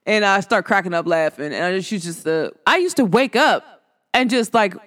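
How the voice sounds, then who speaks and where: A woman's voice: mid-range voice, lively intonation, normal speed, fairly bright tone. A woman hosting her own talk show, chatting casually in slang, laughing through stories and firing questions at listeners. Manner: laughs while telling stories. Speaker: podcast host.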